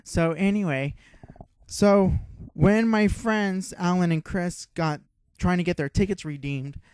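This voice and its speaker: Young man, podcast co-host, fairly high voice, excitable, swearing, dry close sound. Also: measured pace, clean tone, dry recording. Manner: excitable, swearing, animated storytelling. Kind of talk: casual chat.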